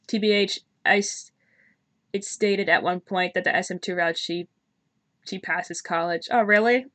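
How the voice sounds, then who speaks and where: A woman's voice: medium pitch, unhurried, a bit bright. A woman streaming a visual novel game, reading the story aloud and breaking off into chatty, giggly, teasing asides.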